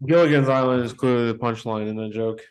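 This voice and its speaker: A man's voice: medium pitch, fast talker. A man co-hosting a podcast in casual chat. He jokes, swears and keeps interrupting. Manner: joking, interrupting, profane. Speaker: podcast co-host.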